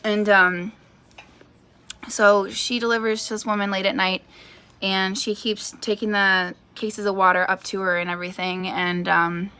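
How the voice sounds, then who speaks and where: A woman's voice: medium pitch, little pitch movement, unhurried, sharp tone, clear, resonant tone. A woman in her thirties telling a personal story in a vlog, chatty, with lots of fillers. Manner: chatty, lots of fillers, acts out quoted voices. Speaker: vlogger.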